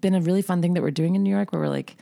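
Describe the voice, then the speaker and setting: Bubbly fast-talking woman host. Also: fairly low pitch, gravelly, dark tone. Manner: bubbly, gushing, laughs often. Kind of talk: casual chat.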